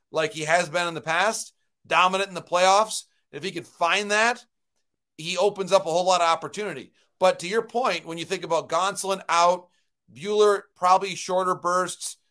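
A man giving baseball analysis as a guest in a brisk, measured way. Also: sits high, pushed and bright. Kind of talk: analytical sports interview talk.

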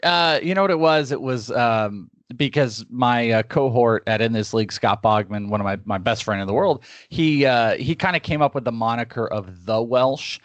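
Man guest analyst, relaxed chat, laughs a lot, dry recording. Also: medium pitch, dry recording. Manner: laughs often, lots of fillers and restarts. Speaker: podcast guest, baseball analyst. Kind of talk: casual interview talk.

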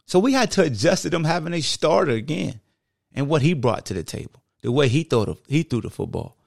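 A man's voice: fairly high pitch, sing-song, fairly quick, vocal fry, a little mellow, dry recording, clean studio sound. A man hosting a podcast, talking casually into a microphone and acting out what fans say to him. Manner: conversational, acts out quoted fans. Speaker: podcast host.

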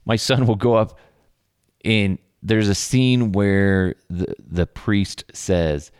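A man's voice: lowish voice, slow pace, clear, resonant tone, no echo, clean studio sound. A man in his thirties hosting a podcast, telling rambling stories about his kids in a casual chat. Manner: rambling, animated storytelling with laughs. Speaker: podcast host.

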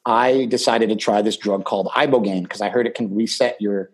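A man's voice: fairly low pitch, fairly quick, hardly any pauses, breathy edge, poor audio. A middle-aged man, a podcast guest, telling a long personal story in casual conversation, rambling with lots of fillers and restarts.

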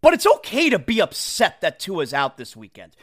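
A man hosting a sports talk show, ranting in an exasperated, animated way and mocking what others say. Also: high-pitched, normal speed. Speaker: sports radio host. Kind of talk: opinionated sports talk rant.

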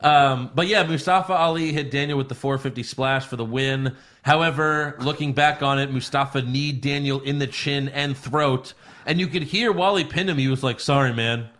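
A man's voice: mid-range voice, moderate pace, fairly bright tone. Man leading a jokey wrestling recap. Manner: leads the rundown, jokey. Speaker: podcast co-host. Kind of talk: casual chat, wrestling recap.

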